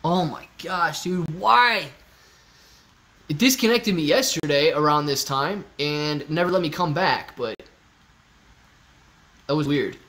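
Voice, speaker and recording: Male streamer, slightly high pitch, casual and joking, reads chat aloud. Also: animated, unhurried, fairly bright tone. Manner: joking, loose, talks to chat by name. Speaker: livestream host. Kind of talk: casual livestream chat reading comments. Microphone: phone used as webcam.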